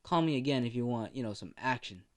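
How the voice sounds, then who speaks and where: A man's voice: medium pitch, lively intonation, fast, close to an everyday voice. A man voicing a careless, smug young man talking on the phone in a spoken fan story.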